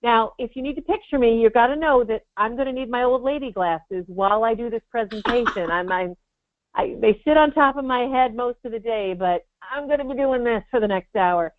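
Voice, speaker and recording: A woman's voice: a little high, brisk, dry recording. A middle-aged woman talking casually from her office, chatty and self-deprecating, as the guest presenter. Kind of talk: casual webinar chat. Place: home office. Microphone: video call. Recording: tinny phone-like web call audio, dry.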